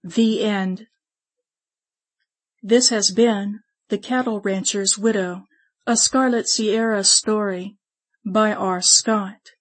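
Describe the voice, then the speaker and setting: A woman's voice: mid-range voice, fairly even intonation, takes it slowly, long pauses. Woman narrating a western audiobook. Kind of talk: scripted first-person narration.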